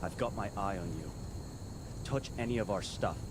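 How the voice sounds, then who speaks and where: An actor playing a gruff, suspicious male guard who talks in fast, accusing bursts in a video game. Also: fairly low pitch, close to an everyday voice. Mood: suspicious, angry. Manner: hostile, rapid, accusing. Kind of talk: game voice acting. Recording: clear background noise.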